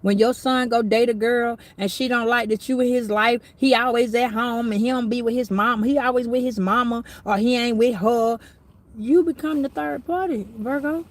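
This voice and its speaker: A woman's voice: on the high side, fairly even intonation, normal speed. A middle-aged woman giving a casual astrology reading, talking bluntly, preachily and with plenty of swearing. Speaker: tarot reader.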